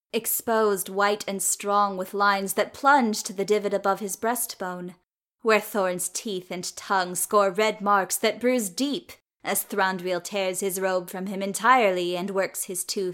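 Woman reading a story aloud, unhurried. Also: mid-range voice, fairly bright tone. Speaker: reader.

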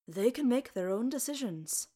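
A woman's voice: a little high, animated, normal speed, dark tone, voice pushed up. A woman doing Oin, a kindly old dwarf. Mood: kindly, stubborn. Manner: folksy, homely speech with lass and laddie. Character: old deaf male dwarf healer, kindly and stubborn.

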